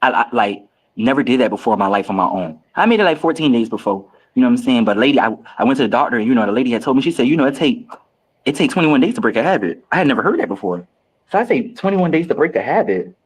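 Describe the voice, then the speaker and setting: A man on a reality show after-show, telling candid stories in casual chat, animated and profane, with big swings in his voice. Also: mid-range voice, racing, husky, rough recording. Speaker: reality show cast member.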